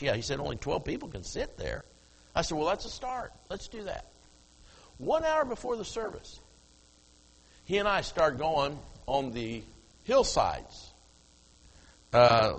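A man's voice: a little high, fairly bright tone, big-room sound, low-quality recording. An older man preaching a sermon, telling a story from the platform and acting out the dialogue. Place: church platform before congregation.

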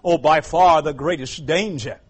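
A man with a Southern US accent preaching a revival sermon, moving between quiet storytelling and loud, high-pitched preaching. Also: unhurried, husky, low-quality recording.

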